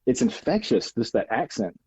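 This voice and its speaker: A man's voice: medium pitch, very animated, normal speed, dark tone, husky, no echo, dull audio. A man with a Southern American accent, a podcast guest talking enthusiastically and joking over a call. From Alabama, United States. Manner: enthusiastic, joking, interrupts with teasing bursts. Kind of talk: casual podcast chat. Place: outdoors on a walk, then at home.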